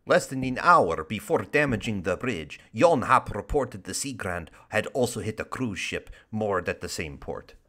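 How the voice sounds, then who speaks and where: A man's voice: on the low side, sing-song, moderate pace, few pauses, bright, forceful tone, full character voice. A man putting on a mock Russian accent to read a news story in a hammy, over-the-top way. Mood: mock-serious.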